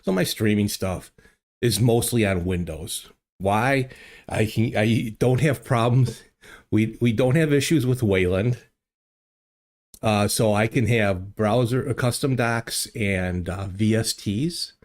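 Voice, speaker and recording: An older man hosts a relaxed chat stream from his home studio, talking into a desk microphone. His voice sits on the low side and he takes his time. He rambles along to his viewers, full of "uh" and "you know" and restarted sentences. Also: slow pace. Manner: rambling, chatty, many fillers and restarts. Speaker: livestream host. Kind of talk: casual chat with live chat viewers.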